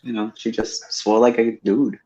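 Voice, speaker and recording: A woman's voice: extremely low pitch, flat delivery, normal speed, dark tone. A woman hosting a livestream chat, swearing freely and laughing as she tells family stories over a video call. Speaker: livestream host. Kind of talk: casual chat. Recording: dull lo-fi stream audio.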